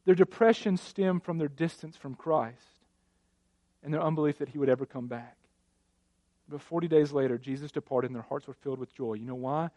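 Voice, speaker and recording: Animated, high-voiced male preacher. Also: a little fast, no room sound. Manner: animated storytelling, swings between loud and hushed. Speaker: pastor. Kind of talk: sermon.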